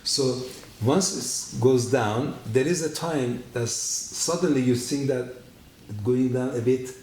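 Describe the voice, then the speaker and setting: A man giving a personal testimony in halting, non-native English, telling his story in an animated way and often laughing between phrases. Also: medium pitch. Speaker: church testimony speaker. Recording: echoey room with faint noise.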